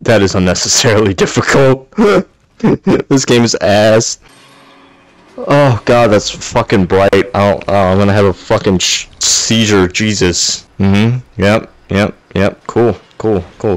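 A man's voice: lowish voice, lively intonation, a little slow, no room sound. A man giving gameplay commentary while playing in VR, ranting with constant swearing and exasperation. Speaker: gamer playing in VR.

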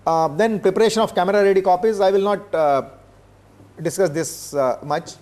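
An older man from India, giving a classroom lecture in a measured way, pausing often with filler sounds. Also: sits high, a little mellow. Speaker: professor. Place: lecture room.

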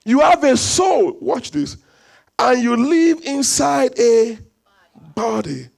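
A man preaching a fervent sermon in a church service, repeating phrases for the congregation and bursting into shouts. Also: very high-pitched, very animated, takes it slowly, vocal fry. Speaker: pastor.

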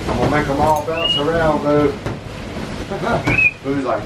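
Slowly and at a fairly high pitch, a man talks to his pet monkeys and laughs often while narrating a chatty, playful vlog. The setting is an indoor room crowded with balloons, captured through a distant mic in an echoey space with background noise.

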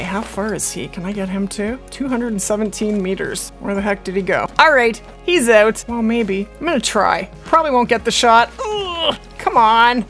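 A woman hosting her own gaming channel, chatting and reacting out loud as she plays a hunting game. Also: mid-range voice. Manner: chatty, excitable, talks to herself while playing. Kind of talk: casual gameplay commentary.

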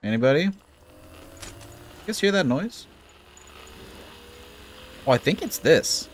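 A man's voice: fairly high pitch, sing-song, slow, slight background noise. A young man casually commenting on a game he plays, joking and laughing at himself. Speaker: gaming YouTuber.

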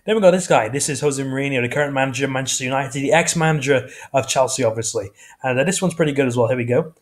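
Casual male YouTuber, mid-pitched, loose and rambling, frequent restarts. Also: rapid-fire. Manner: rambling, self-correcting, casual. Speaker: YouTube host. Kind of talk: casual vlog chat.

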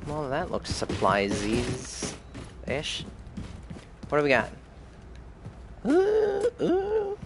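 A man's voice: mid-range voice, takes it slowly, long pauses, noisy background. A tipsy man streaming a game, rambling goofily and making silly noises. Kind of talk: live let's play commentary.

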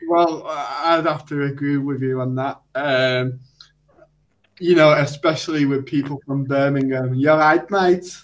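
A young man co-hosting a casual chat stream, who talks in a joking, drawn-out way. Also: medium pitch, steady tone, rough recording. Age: young adult. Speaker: podcast co-host.

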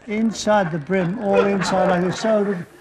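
An older man telling comic stories on stage in a rambling, deadpan way, with an audience laughing. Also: sits high, normal speed, background noise. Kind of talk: stage storytelling.

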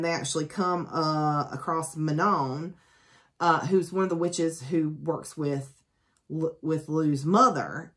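A woman with a low voice retelling a book's plot to her viewers. She talks in a loose, chatty way with plenty of ums and uhs. She drops dry, sarcastic jokes as she goes. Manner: chatty, lots of ums and asides; sarcastic, joking. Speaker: book reviewer. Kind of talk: casual spoken book summary.

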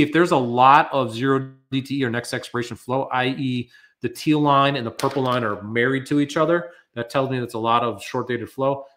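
A man's voice: medium pitch, a bit bright. An American man presenting a live webinar, talking loosely and conversationally with many fillers as he answers viewer questions.

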